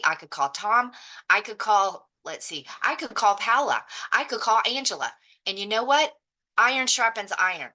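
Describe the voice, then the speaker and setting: Woman, fervent motivational talk on a video call, bright sharp tone, blunt and profane. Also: medium pitch. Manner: preachy, blunt, swears freely. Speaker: real estate agent in a mastermind group. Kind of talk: impassioned motivational speech.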